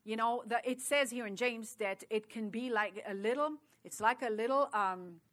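A middle-aged woman preaches in a bright, forceful voice that sits a little high. She talks to the congregation in a chatty way, full of asides. Her sermon sounds loose and personal rather than read from a script. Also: moderate pace. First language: French.

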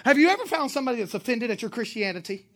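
A woman preaching a sermon in a lively, emphatic way, with joking asides and sudden bursts of loud emphasis. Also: on the high side, racing.

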